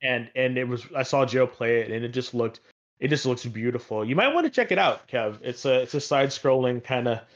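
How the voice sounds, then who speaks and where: A man's voice: medium pitch, animated, fairly quick, lo-fi sound. A man talking in a casual, rambling way about games he has been playing, with many fillers and restarts. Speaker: podcast co-host.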